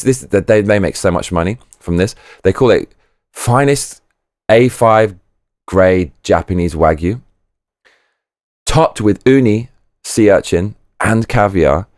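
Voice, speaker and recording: Deep-voiced man ranting casually. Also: measured pace, darkish tone, no echo, studio quality. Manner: rambling and profane, with many restarts. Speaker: livestream host. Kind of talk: casual live chat.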